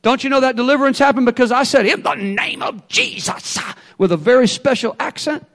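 A man's voice: extremely high pitch, big pitch swings, moderate pace, pitched above the performer's own voice. A man voicing a boastful, self-important preacher who brags about his own power. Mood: smug, boastful. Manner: preening, showing off.

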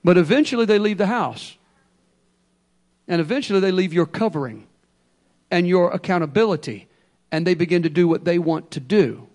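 A man's voice: sits high, animated, moderate pace, long pauses, a little mellow. A man preaching an emphatic sermon and calling on the congregation to respond.

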